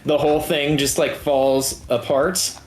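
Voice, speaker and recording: A man narrates a tabletop game as its game master. He talks slowly and haltingly, full of fillers, in a slightly raised voice. Soft guitar music plays faintly behind him. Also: a little high. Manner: relaxed, halting with many fillers.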